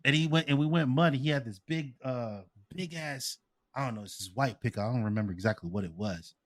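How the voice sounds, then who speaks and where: A man co-hosting a podcast, telling stories in a loud, profane, animated way. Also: mid-range voice, fairly quick. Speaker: podcast co-host. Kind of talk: casual podcast chat.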